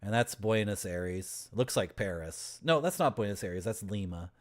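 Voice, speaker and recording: A streamer from Toronto, Canada, chats and jokes with his chat while playing a game, laughing often. His lowish voice is expressive and moves at a normal speed in this casual gameplay commentary.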